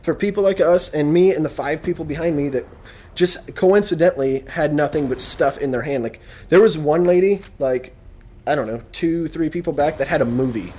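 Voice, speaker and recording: A young man tells a story in a rambling, exasperated vlog rant with a sarcastic edge. His voice sits a touch high for a man, and he keeps circling back to the same complaints. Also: normal speed, darkish tone. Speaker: vlogger. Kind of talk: casual ranting vlog.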